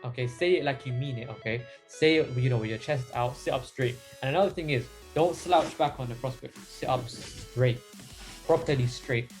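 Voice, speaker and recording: An energetic young man coaches a sales team in a casual, loose way, leaning on lots of fillers as he talks. His voice sits at a middle pitch, and faint music runs behind him. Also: normal speed. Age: young adult. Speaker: sales mentor. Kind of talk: casual training talk.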